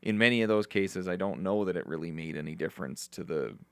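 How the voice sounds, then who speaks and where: A man guesting on a podcast, giving reflective advice in a relaxed, meandering way with frequent restarts. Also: sits low, fast talker, clean tone, dry recording. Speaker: podcast guest, recovery mentor.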